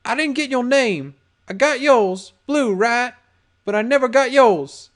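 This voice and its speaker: A man's voice: extremely high pitch, fairly even intonation, moderate pace, pitched above the performer's own voice. A man voicing a terrified, stuttering male pony victim in a fan audiobook. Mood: pleading. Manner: stuttering, panicked.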